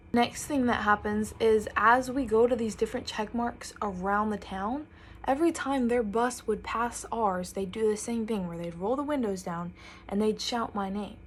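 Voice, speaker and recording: A woman's voice: medium pitch, slight background noise. Chatty young woman telling a storytime. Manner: chatty, animated quoting of others. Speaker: vlogger. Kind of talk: storytime while getting ready.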